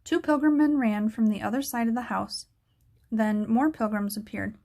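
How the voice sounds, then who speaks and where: A woman's voice: on the high side, steady tone, moderate pace, dark tone. Woman reading a children's book aloud. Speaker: narrator.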